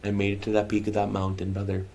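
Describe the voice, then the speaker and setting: Male podcast guest, low gravelly voice, faint noise behind, heartfelt casual storyteller. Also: monotone, fast talker, dark tone. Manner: calls the listener bro and man constantly; candid, heartfelt. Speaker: podcast guest, musician and speaker.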